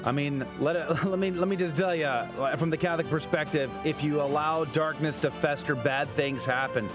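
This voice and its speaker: A man in a higher register hosts a radio talk show and wraps up the segment with upbeat, promotional energy. Music plays clearly beneath his voice. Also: normal speed. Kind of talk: show sign-off.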